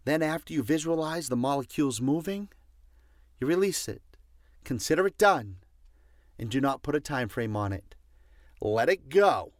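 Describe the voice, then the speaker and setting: A man's voice: fairly high pitch, expressive, moderate pace, long pauses, no room sound, clean studio sound. A man giving a passionate motivational talk, stressing his points by repeating commands. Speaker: motivational speaker.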